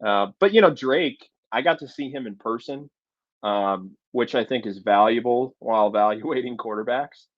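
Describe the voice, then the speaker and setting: A man's voice: medium pitch, moderate pace, no echo, highs cut off. A man co-hosting a sports chat show, breaking down recruiting in an analytical way with frequent fillers. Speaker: sports podcast co-host.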